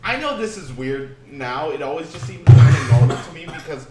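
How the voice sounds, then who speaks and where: A man's voice: on the high side, animated, normal speed. A young man chatting casually as a podcast co-host, rambling through stories with lots of swearing and laughter. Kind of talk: casual chat. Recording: echoey room, far from mic, faint noise.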